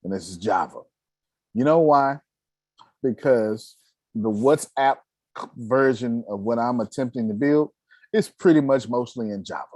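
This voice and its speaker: A man hosting a casual chat, talking in an animated way, often laughing and poking fun at himself. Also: mid-range voice, unhurried, no echo. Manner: animated, laughing, self-mocking. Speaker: host.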